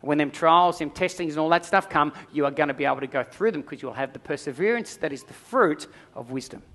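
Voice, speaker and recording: Middle-aged male pastor, slightly high voice, emphatic sermon delivery with repetition. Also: fast talker, a bit bright. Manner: emphatic preaching with repeated phrases and prayerful asides.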